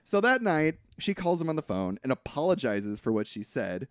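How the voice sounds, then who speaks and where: A man co-hosting a podcast, casually recapping a film in an animated way, acting out quotes and often hedging. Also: a little high, moderate pace, no echo, studio quality. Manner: animated retelling with acted-out quotes, frequent hedging. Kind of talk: casual chat.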